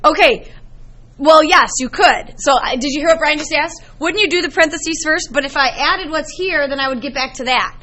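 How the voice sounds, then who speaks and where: A woman's voice: high-pitched, normal speed, sharp tone. A middle-aged woman teaching a math class, explaining in a chatty, storytelling way to her students in a classroom.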